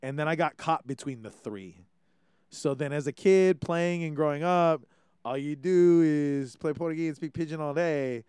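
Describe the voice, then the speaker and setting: A man from Hawaii, hosting a casual podcast chat in an animated, swearing way. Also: fairly high pitch, normal speed, clear, resonant tone, dry recording, clean studio sound. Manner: animated, swearing, many restarts. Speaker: podcast host.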